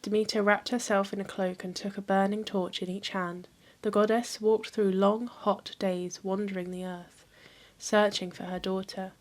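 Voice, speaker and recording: A woman hosting a history channel, reading a mythology book aloud in a calm, even storytelling manner. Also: mid-range voice, moderate pace.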